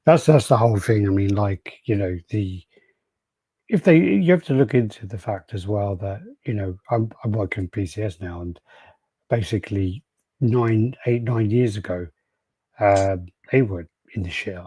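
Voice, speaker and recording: Man, low mellow husky voice, dry sound, laid-back podcast host, reading viewer comments. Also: normal speed, no room sound. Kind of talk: casual chat. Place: podcast studio.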